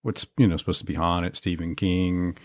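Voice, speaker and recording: A man's voice: low-pitched, level tone, moderate pace, no echo, studio quality. A man co-hosting a podcast, telling stories in a rambling, agreeable way. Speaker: podcast co-host. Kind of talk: casual chat.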